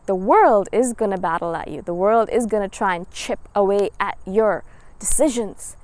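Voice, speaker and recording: A woman's voice: medium pitch, moderate pace, darkish tone, dry recording. A woman in her thirties talking to camera in a casual, encouraging vlog monologue. She repeats her points over and over and urges listeners to return to their reasons. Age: 30s. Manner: earnest, repetitive, encouraging, acts out quoted voices. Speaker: spiritual vlogger.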